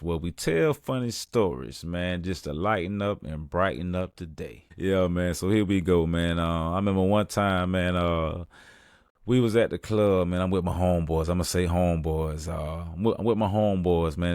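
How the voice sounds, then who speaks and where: A man's voice: dry recording, studio quality. A young man hosting a podcast, telling a story in a laid-back, casual way and saying "man" often. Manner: laid-back, says "man" constantly, gets loud and high when acting out the story. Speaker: podcast host.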